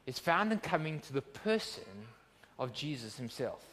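A man's voice: medium pitch, big pitch swings, normal speed, fairly bright tone, long reverb tail, slight background noise. A man preaching a sermon as pastor, earnest and emphatic, with rhetorical questions. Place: church.

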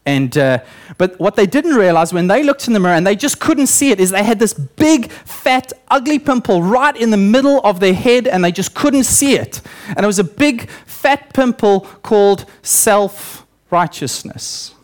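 A man's voice: high-pitched, expressive, moderate pace. A young male preacher giving a sermon in church, telling stories with acted-out quotes and voices.

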